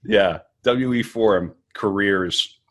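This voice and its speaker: A man's voice: lowish voice, slow, fairly bright tone. A man hosting a podcast, chatting casually with dry, sarcastic jokes. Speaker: podcast host. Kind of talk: casual comedic chat.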